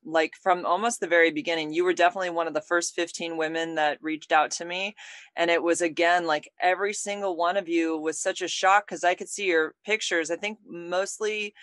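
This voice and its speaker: A woman's voice: on the low side, fairly even intonation, a little fast, fairly bright tone, no echo. A woman hosting a podcast, talking in a casual, effusive and chatty way with her guest. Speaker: podcast host. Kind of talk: casual interview chat.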